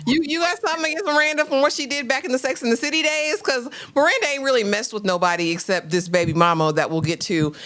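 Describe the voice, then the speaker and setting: A woman co-hosting a live TV recap, talking in a relaxed, thoughtful, conversational way. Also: high voice, fast, hardly any pauses. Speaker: co-host reviewing a TV episode. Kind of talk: casual live recap chat.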